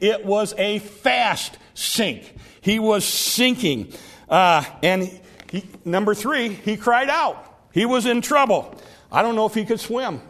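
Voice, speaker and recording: A man with a notably high voice preaches a sermon, working through numbered points one by one. He acts out quoted words with growing force. He sounds middle-aged.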